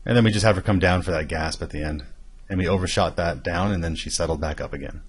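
Deep-voiced man teaching animation. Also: fast talker, husky. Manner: steady explanatory walkthrough. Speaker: animation instructor. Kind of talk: screen-recorded tutorial.

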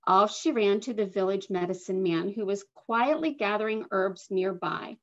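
A woman slowly and expressively reading a picture book aloud to children over a video call. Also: medium pitch. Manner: slow, expressive storytelling with soft asides. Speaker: guest reader. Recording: dull lo-fi video call audio.

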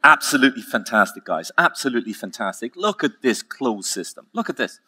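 A man giving a conference keynote, telling stories with emphatic, slowly repeated phrases. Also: medium pitch, very animated, pushed and bright, breathy edge. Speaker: keynote speaker.

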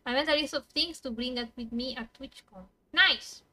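A woman's voice: high voice, normal speed, sharp tone. A woman, a native Italian speaker, streaming a video game in casual chat, swearing and laughing as she plays.

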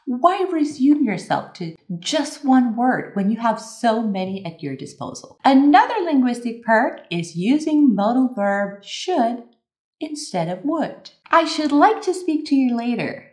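A woman teacher giving a playful English vocabulary lesson, moving between bright exclamations and hushed asides. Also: a little high, sing-song, slow, reverberant.

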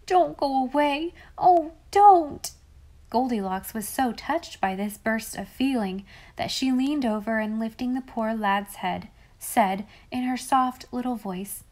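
A woman narrating a classic children's story aloud, gentle and even in her delivery. Her voice sits at an ordinary middle pitch for a woman, steady and clear. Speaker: audiobook reader.

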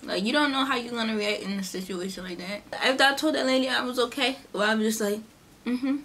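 A young woman vlogger, chatting casually through a storytime and acting out the people in it. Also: quick pace. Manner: chatty, animated, acts out quotes in a higher voice. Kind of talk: casual storytime during a mukbang.

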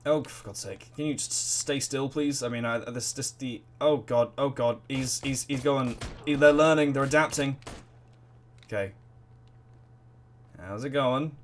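A man giving excitable, rambling let's play commentary full of swearing and reactions to the game. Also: mid-range voice, measured pace, a little hiss or hum. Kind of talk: gaming commentary.

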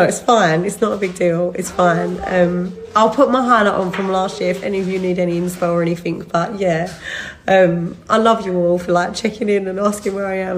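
Woman, thirties, lowish voice, chatty, rambling, laughs mid-sentence, worn out, phone video. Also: a little hiss or hum, rough recording. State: worn out from recent illness. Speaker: vlogger updating followers. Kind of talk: casual chat to camera.

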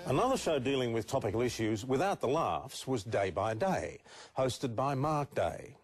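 A man giving scripted documentary narration in a measured, informative way. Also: mid-range voice, big pitch swings, husky, faint music behind.

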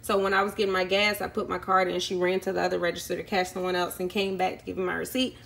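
A woman's voice: on the low side, level tone, fast, creaky, fairly bright tone. A woman vlogging casually at home, telling a long story with lots of ums and acting out the people she met. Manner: chatty, many ums, acts out quoted people. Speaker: YouTube vlogger. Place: indoors at home.

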